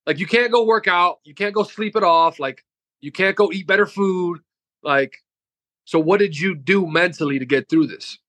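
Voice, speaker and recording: A man's voice: high-pitched, moderate pace, a bit bright, dry recording. A man who is a firefighter hosts a podcast interview and asks probing questions, often restarting and repeating words.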